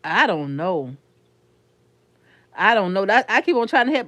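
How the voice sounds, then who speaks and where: A chatty woman with a Florida accent talks loosely to her live chat, calling viewers honey and sugar. Her voice sits at a middle pitch and sounds close and dry, with no room around it. She rambles casually from one thought to the next. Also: expressive, normal speed, fairly bright tone, no echo.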